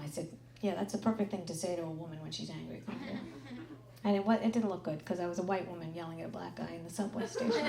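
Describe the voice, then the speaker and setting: This slightly high-voiced woman is doing brash, profane stand-up at a club, handheld mic in hand, with punchy timing. There's a bit of background noise, the room echoes with a loud crowd, and the audience keeps laughing.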